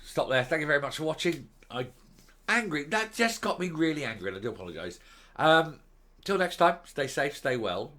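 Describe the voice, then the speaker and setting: A middle-aged man giving furious political commentary on a vlog, hurling insults and mockery with loud outbursts. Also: a little high, big pitch swings, fairly quick. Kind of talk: angry ranting commentary.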